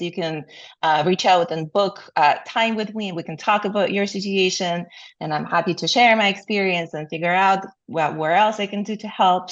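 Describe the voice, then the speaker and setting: A woman with a medium-pitched voice answers interview questions as a guest, speaking as a burnout coach. She leans on frequent fillers and rhetorical questions, and the sound is lo-fi.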